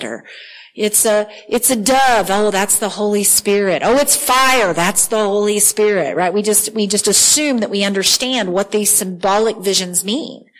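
Reading scripture aloud, this female preacher speaks with earnest animation and often repeats her words. Her pitch runs on the high side, and the recording is rough.

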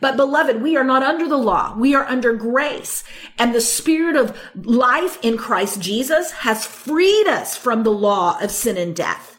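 A woman with a fairly high voice delivers a podcast sermon. She stacks emphatic repeated phrases and stops to read scripture aloud. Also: lively intonation, measured pace, a bit bright. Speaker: Bible teacher.

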